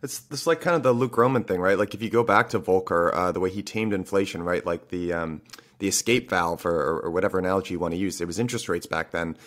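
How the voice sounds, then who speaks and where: A man's voice: sits low, quick pace, fairly bright tone. A young adult man hosting a podcast in a casual conversation, loose and searching for words, with lots of fillers. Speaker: podcast host.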